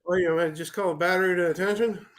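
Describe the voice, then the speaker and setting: A plainspoken man in his forties, a retired army first sergeant, talks candidly as a guest. His voice sits a little high, and he often stops to restart a thought. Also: fairly even intonation, racing. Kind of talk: casual interview talk.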